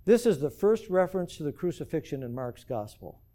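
A man's voice: a little high, big pitch swings, fairly quick, mellow. A man preaching a sermon to his church as pastor, earnestly asking the congregation rhetorical questions.

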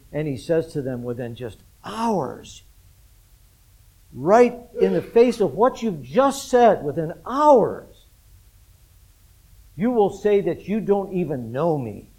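A man delivers a sermon in a loose, conversational style, with a voice pitched a little above the usual. He often stops to question his congregation, repeats their answers and laughs lightly along the way. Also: dark tone, low-quality recording. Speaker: pastor. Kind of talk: interactive sermon.

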